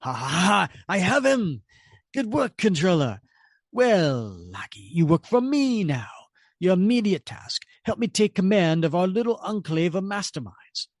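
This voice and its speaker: A man's voice: sits high, sing-song, unhurried, dry recording, voice pushed up, exaggerated voice. A scheming villain mastermind barks orders in a lifted, theatrical comic-reading voice, as a man puts him on. The sound is close and dry, with no room around it. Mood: gloating. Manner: commanding, theatrical.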